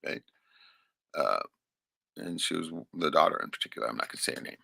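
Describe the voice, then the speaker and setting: Deep, lively, bright-voiced rambling man. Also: fast talker, vocal fry, husky, no echo. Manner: rambling and profane, often tags lines with "right?" and chuckles. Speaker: storyteller. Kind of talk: casual personal storytelling monologue.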